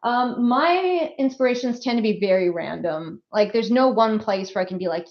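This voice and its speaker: A woman hosting a casual livestream as an author, chatty and quick to laugh, full of little asides. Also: on the high side, very animated. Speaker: author hosting a book release stream. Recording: slightly muffled stream audio.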